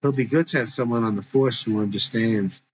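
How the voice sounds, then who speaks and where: A man's voice: medium pitch, a little fast, close to an everyday voice. A man voicing an earnest, worried young woman eager to help, who speaks insistently, in a dull lo-fi recording.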